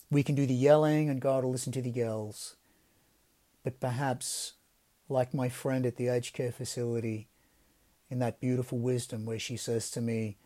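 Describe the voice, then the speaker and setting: A man gives a devotional podcast reflection in a mellow, warm-toned voice at an ordinary middle pitch. His delivery is gentle and reflective, and his phrases often sink into soft, quiet endings. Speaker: podcast host.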